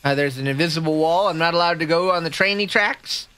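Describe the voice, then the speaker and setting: A woman streams a video game and chats casually with her viewers at a fast pace. When excitement or nerves hit, her voice jumps up high and squeaky.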